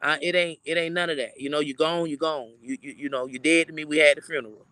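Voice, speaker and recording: A man co-hosting a casual chat show, blunt and quick to laugh as he talks back. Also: on the high side, steady tone, pushed and bright. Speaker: talk show co-host. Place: in Florida.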